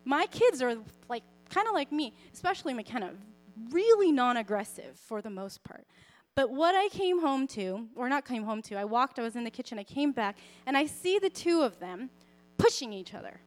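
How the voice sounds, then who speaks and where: High-voiced woman sharing an earnest testimony. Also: sing-song, moderate pace. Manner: conversational and earnest, with frequent fillers and asides. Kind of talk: sermon-style personal testimony.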